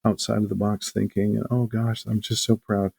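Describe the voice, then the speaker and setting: A man's voice: fairly low pitch, flat delivery, normal speed, vocal fry, dark tone, husky, pitched above the performer's own voice. A man imitating a proud, tearful woman teacher who gushes emotionally. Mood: gushing. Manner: gushing, emotional.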